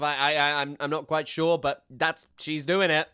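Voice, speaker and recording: Male host, high bright smooth voice, sarcastic, stammers when he reacts. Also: level tone, normal speed, few pauses. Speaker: political commentary host. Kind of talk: casual commentary on clips.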